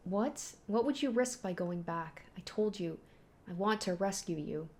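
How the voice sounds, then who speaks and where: A woman's voice: medium pitch, a little slow, a little mellow, close to an everyday voice. A woman reading the lines of a distraught young man from a manga, anxious and pleading. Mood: alarmed.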